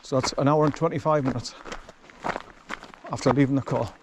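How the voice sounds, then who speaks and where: A man in his sixties talking casually and rambling a bit while walking through quiet countryside. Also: mid-range voice, steady tone, fairly quick, noisy background. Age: 60s. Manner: rambling and chatty, swears casually. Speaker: vlogger.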